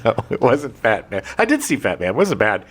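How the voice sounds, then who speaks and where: A man's voice: lowish voice, a little fast, breathy edge. A man co-hosting a podcast in casual, joking chat about movies. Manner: animated, joking, chatty. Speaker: podcast co-host.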